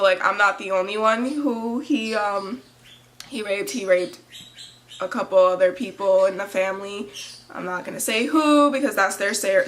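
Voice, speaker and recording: Woman, 20s, confessional vlog delivery: halting, emotional, close to tears, lots of fillers. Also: medium pitch, fairly bright tone, a little hiss or hum. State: tearful. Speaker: vlogger.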